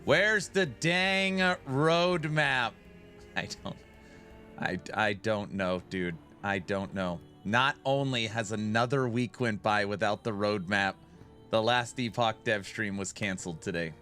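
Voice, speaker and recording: Over soft background music, a man hosts his own game live stream, speaking at a measured pace in a lowish, slightly bright voice. He keeps things loose and joking, greeting viewers in chat by name.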